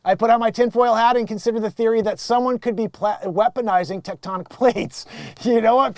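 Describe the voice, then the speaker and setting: With a very high-pitched, slightly mellow voice and fairly even intonation, this middle-aged show host from Connecticut talks a little fast with no echo. He delivers a sarcastic comic monologue full of swearing, wandering off into bits.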